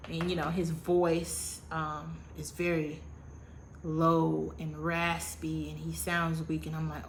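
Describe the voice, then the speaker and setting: Animated woman in her thirties, telling a storytime. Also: deep voice, unhurried, a little hiss or hum. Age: 30s. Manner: animated, dramatic retelling with repetition; slangy, self-mocking. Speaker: vlogger. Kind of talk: casual storytime.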